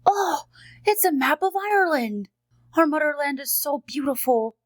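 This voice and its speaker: A woman's voice: sits high, animated, normal speed, no echo. A woman voicing a cheerful friendly female dog who hosts a kids' educational unboxing video, chatty, sweet and teacherly.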